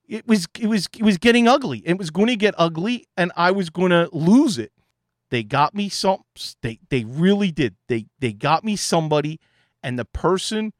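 A man's voice: sits high, dry recording, clean studio sound. A man, an IT consultant, telling an exasperated story in a casual monologue.

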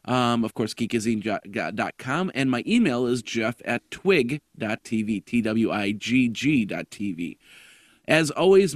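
A man hosting a casual tech podcast, his voice raspy and hoarse from a cough, rambling with lots of fillers and restarts. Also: mid-range voice, no echo, clean studio sound. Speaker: podcast host.

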